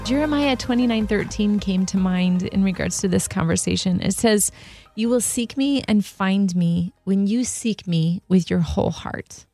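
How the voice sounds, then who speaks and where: A woman's voice: medium pitch, moderate pace, dark tone, faint music behind. A woman co-hosting a faith podcast, earnest and conversational. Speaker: podcast co-host. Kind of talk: casual reflective chat.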